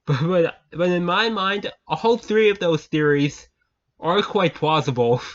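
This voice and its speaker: A man with a fairly high voice speaks at a measured pace as he shares an amusing story with viewers. The channel host keeps it casual, often laughing and saying things twice, and the recording sounds dull and lo-fi.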